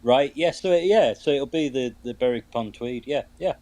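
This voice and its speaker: A man's voice: medium pitch, brisk, darkish tone, no room sound. Easygoing British man in casual chat.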